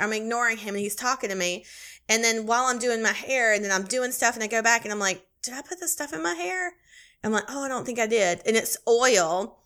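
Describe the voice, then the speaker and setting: A woman co-hosting a podcast, chatting casually and telling an animated, swearing, laughing story. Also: on the high side. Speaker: podcast co-host. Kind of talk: casual chat.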